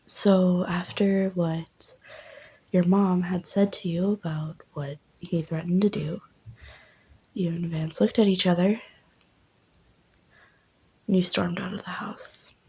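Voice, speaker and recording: A woman's voice: on the low side, steady tone, takes it slowly, long pauses, dark tone, husky, rough recording. A young woman rambling through a second-person story with many fillers, in whispered role-play.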